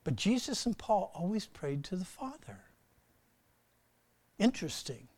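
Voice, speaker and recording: A man preaching a sermon, swinging between loud emphatic bursts and soft, slow asides, and putting questions to his listeners. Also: high-pitched, very animated, breathy edge, no room sound. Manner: asks the audience questions. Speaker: pastor.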